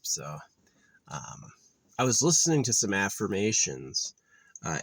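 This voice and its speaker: A man's voice: sits low, sing-song, normal speed, a bit bright, dry recording. A man vlogging in a casual, rambling rant, swearing often and sounding exasperated. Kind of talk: casual ranting monologue.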